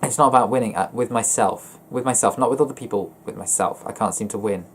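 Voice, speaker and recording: A young man vlogging about his feelings in a flat, monotone voice, hesitant and often stopping to correct himself. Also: fairly low pitch, a little hiss or hum. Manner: hesitant, halting and self-correcting. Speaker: gaming YouTuber. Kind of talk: personal confessional vlog.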